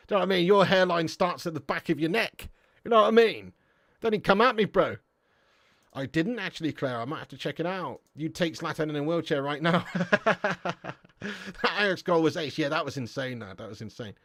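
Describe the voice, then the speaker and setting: A man's voice: on the high side, a bit bright, dry recording. A young English man hosting a football live stream, reading chat messages and bantering with viewers in a slangy, swearing, laugh-filled way. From England.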